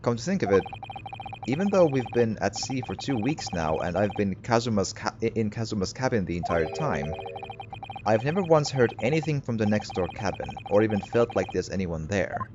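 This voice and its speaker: A polite young student, courteous and earnest, asking his questions in formal phrasing, as a man reads him. The voice is lowish yet lively, and the recording is slightly muffled with a steady hiss. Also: moderate pace. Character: polite young male law student, eager.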